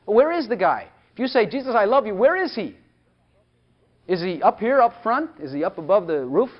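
A man's voice: high-pitched, big pitch swings, normal speed. A man preaching a sermon, emphatic and full of rhetorical questions, at times speaking in God's voice. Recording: dull lo-fi recording.

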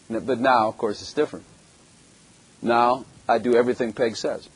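Poor audio captures a medium-pitched man speaking in a steady tone at a moderate pace, with a breathy edge. Born in Germany, he preaches a sermon built around his own story, blunt and joking, and throws rhetorical questions at the congregation.

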